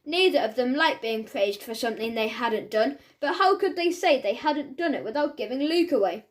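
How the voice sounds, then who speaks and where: A woman narrating a children's audiobook in a clear, steady storytelling manner. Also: high-pitched, moderate pace.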